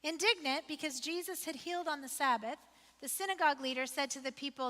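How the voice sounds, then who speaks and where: A woman's voice: sits high, fast talker, sharp tone. A woman pastor preaching a sermon in a conversational, emphatic way, asking questions and repeating phrases for effect. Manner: conversational, asks the listeners questions. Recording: long reverb of a large hall.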